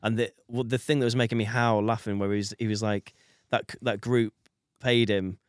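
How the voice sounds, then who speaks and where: A man's voice: on the low side, little pitch movement, brisk, clean tone, no echo, studio quality. A man, hosting a casual podcast interview in a chummy, eager way. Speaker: podcast host.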